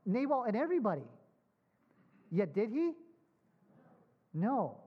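A man preaching a sermon. He asks his congregation questions, repeats points with emphasis and slows down on key words. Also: high voice, sing-song, slightly rough. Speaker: pastor. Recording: dull lo-fi sound.

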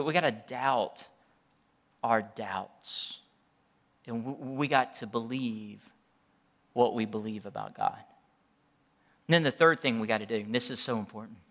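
A man's voice: mid-range voice, fairly bright tone, big-room sound. A man preaching a sermon as pastor, impassioned, often restarting his words.

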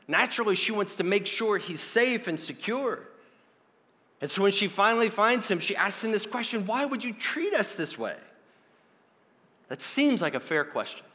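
A man preaching a sermon, earnest and emphatic, slowing down to stress key points. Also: sits high, sharp tone. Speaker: pastor. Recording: long hall reverb.

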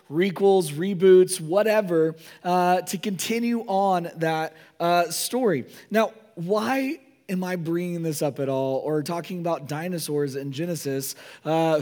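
A man pastor giving a sermon with a hoarse voice from a cold, talking in a casual, joking way with many fillers and asides. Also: sits high, darkish tone.

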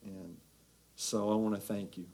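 A man's voice: on the low side, flat delivery, a little slow, vocal fry, dark tone. A man making an earnest church announcement, thanking the congregation for their giving. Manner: earnest, grateful.

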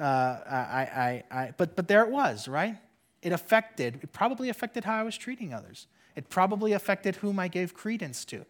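An adult pastor preaching a sermon in an earnest way, repeating phrases for emphasis and often dropping to a soft, quiet voice. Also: mid-range voice.

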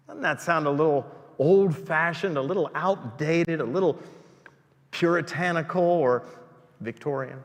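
A man's voice: a little high, normal speed. Emphatic male preacher in echoey church. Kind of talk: sermon.

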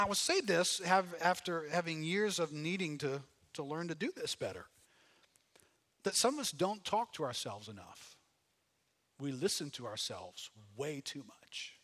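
A man preaching a sermon, animated, dropping low and then shouting as he acts out inner voices. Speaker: pastor.

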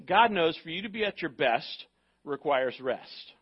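A male pastor delivers a sermon in a high voice, full of jokes, and acts out the excuses people give. The recording sounds dull and lo-fi. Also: measured pace, husky. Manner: animated, joking, acts out quoted excuses.

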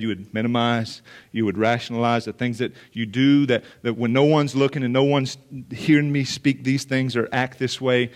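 A male pastor preaching a sermon to a room of listeners, earnest and emphatic, repeating phrases for weight. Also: mid-range voice. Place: church or meeting room with listeners.

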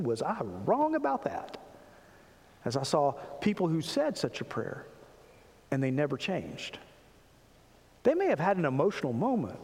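A man with a fairly high voice preaches in earnest, reading scripture and asking his listeners questions. His words trail off into the long reverb of a large hall. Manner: earnest preaching, rhetorical questions, personal testimony. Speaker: pastor.

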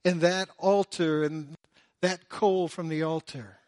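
A man preaching a sermon, swinging between loud, drawn-out emphasis and hushed, low phrases. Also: fairly even intonation, dry recording, studio quality. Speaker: pastor.

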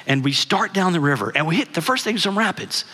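Recorded with a long hall reverb, a middle-aged man giving a guest sermon recounts a family story in a chatty way and quizzes the audience. He speaks fast in a high, bright voice that is forceful and slightly rough, with lively intonation.

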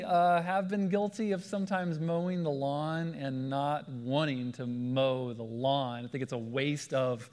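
A man preaching a sermon in a lively storytelling way, acting out the voices of the people in his stories. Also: on the high side. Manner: animated, acts out quoted voices. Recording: long hall reverb.

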